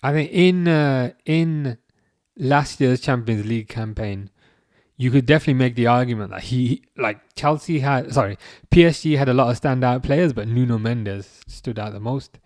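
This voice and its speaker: A man in his thirties chats casually on a live stream, reading viewer comments with dry jokes and frequent halting restarts. His mid-range voice has a darkish tone, with no room sound.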